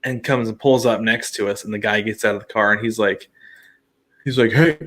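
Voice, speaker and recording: With a fairly low voice and a brisk pace, a podcast co-host in his thirties relays a long, funny story in easygoing conversation. He laughs a lot, stays animated, and impersonates the people he's quoting.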